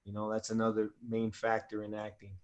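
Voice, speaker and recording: A man's voice: fairly low pitch, completely flat delivery, a little fast, highs cut off. A man from New Jersey with a New Jersey accent, an actor guest chatting casually and peppering his talk with "man" and "you know.". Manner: easygoing, fills speech with "man" and "you know". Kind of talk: casual chat.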